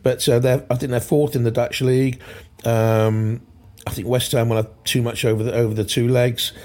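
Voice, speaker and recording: Bloke on a football podcast, emphatic, rambles and repeats himself, mid-pitched voice. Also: male voice, little pitch movement, moderate pace, darkish tone. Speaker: podcast co-host. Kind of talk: casual chat. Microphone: video call.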